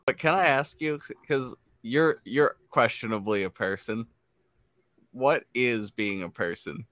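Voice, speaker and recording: A man's voice: medium pitch, measured pace, a bit bright, no room sound. A man playing in a tabletop game, asking earnest, playful questions in character. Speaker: player. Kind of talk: tabletop role-play chat.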